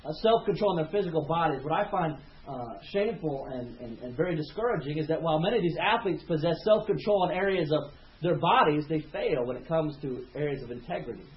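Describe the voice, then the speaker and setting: A man's voice: fairly high pitch, lively intonation, fast talker. A male pastor preaching a sermon with passion, often repeating words and rising in volume as he builds his points. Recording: roomy, slightly dull sound.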